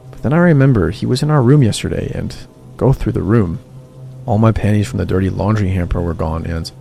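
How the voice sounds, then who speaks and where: Gravelly low-voiced male horror narrator. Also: dark tone. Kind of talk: scripted horror story narration. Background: background music.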